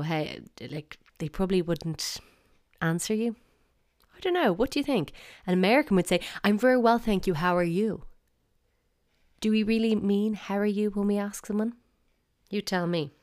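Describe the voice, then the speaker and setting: Young South Dublin woman host, wry solo podcast talk, lowish voice. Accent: South Dublin Irish. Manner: chatty and wry, acts out phrases. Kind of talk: casual solo podcast monologue.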